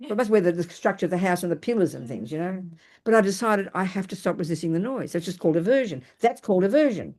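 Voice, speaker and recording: An older woman, a Buddhist teacher, gives a dharma talk at a quick pace in a fairly low voice. Her personal stories are lively and self-mocking, and she often restarts her sentences.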